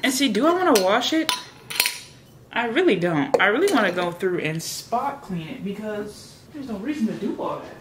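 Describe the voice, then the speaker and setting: A woman chatting casually to camera in her home kitchen, slangy and thinking out loud, now and then slipping into a put-on British accent. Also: mid-range voice, very animated, normal speed, very noisy. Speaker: vlogger. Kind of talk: casual vlog chat.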